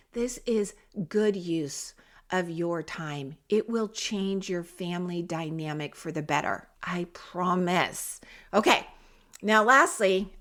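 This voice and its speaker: A middle-aged woman hosting a parenting podcast who talks straight to the listener in an encouraging, coaching way. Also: medium pitch. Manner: warm, coaching tone, direct address to parents. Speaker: podcast host.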